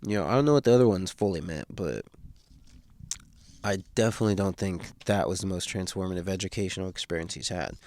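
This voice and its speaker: A man casually recapping a novel in slangy, laid-back talk, with plenty of fillers. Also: sits low. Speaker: book read-through host.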